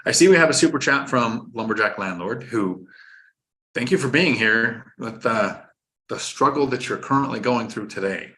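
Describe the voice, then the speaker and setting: A man's voice: mid-range voice, lively intonation, moderate pace, bright, forceful tone. A man hosting a live-stream finance talk, explaining step by step in an instructive way and cracking jokes while reading viewer chat. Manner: instructive, joking, reads viewer chat aloud. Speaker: host.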